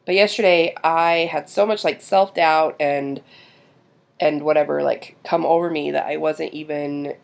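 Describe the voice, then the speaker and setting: A woman's voice: deep voice, steady tone, a little slow, creaky. A woman in her thirties, a mother, talking in a casual confessional vlog while doing her makeup, rambling and hesitant with sighs and fillers. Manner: rambling, hesitant, self-doubting. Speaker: mother and vlogger.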